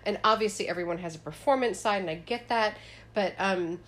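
A woman's voice: mid-range voice, brisk, fairly bright tone. A woman co-hosting a podcast in casual chat, talking emphatically and swearing freely. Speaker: podcast co-host.

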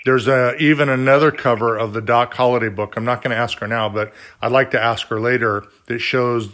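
A man's voice: mid-range voice, steady tone, brisk, a bit bright. A man hosting an interview, who talks in a rambling, chatty way with many fillers and restarts. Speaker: interview host. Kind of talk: casual interview talk.

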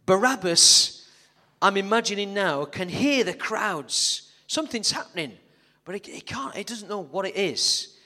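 A pastor with a fairly high, pushed and bright voice preaches a sermon, telling the story dramatically and tossing jokey asides to his congregation. Echoey reverb from the church hall fills the recording.

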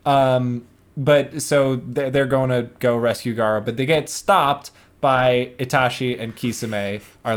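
A man co-hosting a casual podcast, walking through what happened in the week's episodes. He swears freely and slips into quick, animated impressions of the characters. His voice sits at an ordinary middle pitch. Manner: animated, profane, acts out characters in quotes. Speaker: podcast co-host. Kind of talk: casual episode recap chat.

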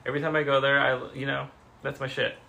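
Rich: A man with a gravelly, creaky voice at middle pitch co-hosts a laid-back podcast chat. He talks hesitantly and often stalls on fillers as he gives his opinions. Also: flat delivery, fast, bright, forceful tone. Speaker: podcast co-host. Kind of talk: casual chat.

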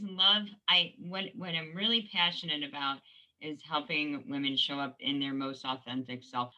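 A woman's voice: sits low, sharp tone. An earnest woman coach talking about helping women on a video call. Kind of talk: casual webinar chat. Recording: dull lo-fi video call audio.

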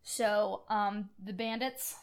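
A woman's voice: medium pitch, slow, clear, resonant tone. A woman co-hosting a casual chat, recapping a film scene by scene and acting out the characters' lines with feeling. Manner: expressive, acts out quoted lines. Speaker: podcast co-host.

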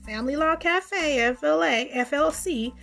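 Soft music plays behind a podcast host whose high-pitched voice is gravelly and a bit bright, her pace unhurried. She reads out the news and responds with blunt, indignant, freely profane commentary in a casual style.

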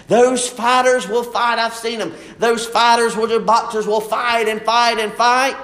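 Casting: young male preacher, high voice, fervent and unhurried delivery. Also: little pitch movement. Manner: fervent, drawn-out preaching with shifts between soft and emphatic. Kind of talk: sermon.

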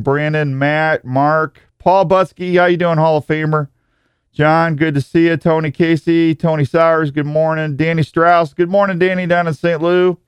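A male radio host with a slightly high, clean voice greets listeners one at a time during a live talk show of shout-outs, joking and rambling while often stumbling over his words. The recording has no room sound.

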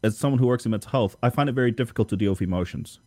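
A man's voice: mid-range voice, rapid-fire, a little mellow, no echo. A young adult man hosting a podcast, talking in a thoughtful, hesitant way and often repeating words. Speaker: podcast host. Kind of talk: casual conversation.

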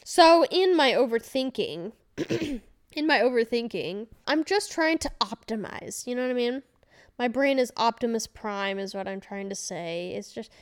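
A woman with a medium-pitched voice comes through cleanly. Hosting her own podcast in a casual solo monologue, she rambles, laughs often, and swears freely.

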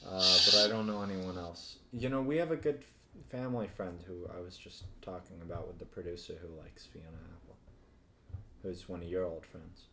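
A man's voice: deep voice, a little fast, heavy background noise. A man co-hosting a casual podcast, offhand and joking. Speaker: podcast co-host. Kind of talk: casual chat.

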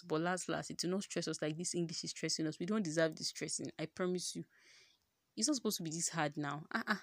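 Chatty young Nigerian woman, low voice. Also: no room sound, studio quality. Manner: chatty, joking, rhetorical questions. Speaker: podcast host. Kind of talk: casual solo podcast chat.

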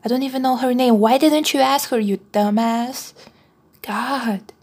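A woman's voice: sits high, moderate pace, a little mellow. A woman chattily narrating the plot of a film as she watches it. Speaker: co-host film reviewer. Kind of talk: casual commentary while watching a film.

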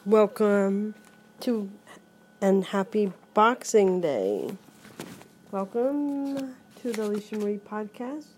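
A woman hosting her own podcast in a playful, joking way, reciting a holiday poem with loud, animated emphasis. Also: medium pitch, takes it slowly, pauses often, a little hiss or hum. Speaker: podcast host.

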